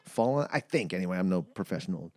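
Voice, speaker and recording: Lively man chatting about a movie. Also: sits low, no echo, clean studio sound. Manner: animated, acts out movie lines in quick voices. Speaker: podcast co-host. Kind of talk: casual movie-review chat.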